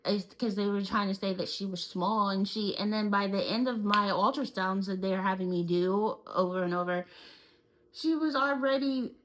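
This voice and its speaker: A woman's voice: medium pitch, normal speed, background noise. A young woman co-hosting a podcast, telling a personal story casually and animatedly, with many filler words. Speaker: podcast co-host.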